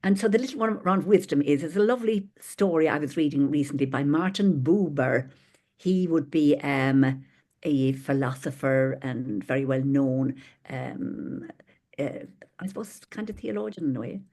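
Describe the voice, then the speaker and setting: A woman hosting a spiritual gathering over a video call, talking gently and rambling affectionately between stories. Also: low-pitched, moderate pace. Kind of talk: informal spiritual talk with stories.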